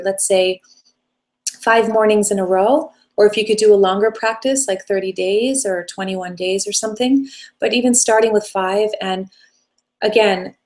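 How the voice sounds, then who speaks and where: A woman hosting a live self-help session, answering viewer questions in a gentle, coaching way with long flowing sentences. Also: mid-range voice. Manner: gentle, coaching, speaks in flowing run-on phrases.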